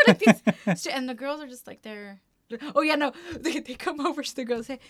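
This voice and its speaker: A woman in a relaxed conversation retells film scenes with lots of laughter and quick put-on voices. Her voice sits a little high, and the sound is dry with no room echo. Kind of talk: casual chat.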